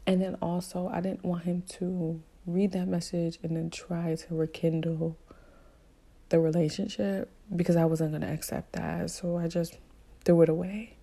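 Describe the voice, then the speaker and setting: A woman's voice: fairly low pitch, level tone, moderate pace, vocal fry, dark tone. A young woman telling a personal story in a candid, emotional way, talking casually with blunt slang and plenty of fillers.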